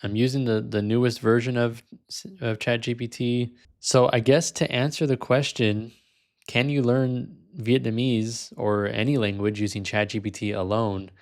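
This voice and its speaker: A man's voice: medium pitch, flat delivery, normal speed. A man hosting a language-learning video, talking casually and frankly, sometimes amused. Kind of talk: casual vlog commentary.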